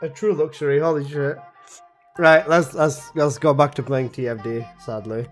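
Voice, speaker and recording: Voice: mid-range voice, fairly even intonation, moderate pace, faint music behind. A game streamer reacting to a video in casual, giggly chat, swearing now and then.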